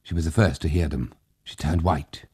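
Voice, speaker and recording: A man narrating an audiobook in a measured, steady way. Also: rumbling low, slightly rough, dry recording, studio quality.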